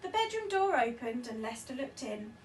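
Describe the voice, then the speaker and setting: A woman teacher reading a picture book aloud with lively, expressive storytelling. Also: on the high side, normal speed, reverberant, distant mic, a little hiss or hum, rough recording.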